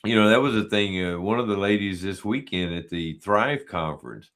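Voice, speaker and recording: A man on a podcast with a somewhat low voice who speaks in a relaxed, storytelling way. He often slips into quoted lines as he recounts conversations, then settles back into easy chat. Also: normal speed. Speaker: podcast guest. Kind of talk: casual conversation.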